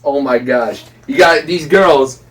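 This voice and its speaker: A man's voice: medium pitch, slow, a bit bright, far from the mic, faint music behind. A man co-hosting a casual talk podcast, earnest and preachy, laughing often as he makes his points. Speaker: podcast co-host. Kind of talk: casual opinion chat.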